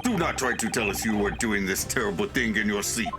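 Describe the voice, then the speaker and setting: A man's voice: medium pitch, animated, measured pace, lightly acted. Man putting on a menacing Russian-style interrogator. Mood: accusing. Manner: menacing, accusatory, clipped broken grammar. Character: gruff Russian-accented male ship officer interrogator. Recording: gameplay commentary with game music behind.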